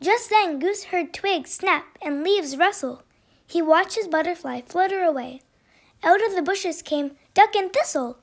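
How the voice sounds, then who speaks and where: Woman storyteller, children's picture book read-aloud, expressive, very high voice. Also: unhurried.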